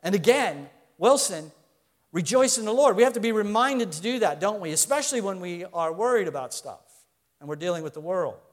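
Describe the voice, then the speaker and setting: Pastor, middle-aged man, high-pitched voice, earnest and conversational sermon delivery. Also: lively intonation, fairly quick. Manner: earnest, conversational preaching with rhetorical questions.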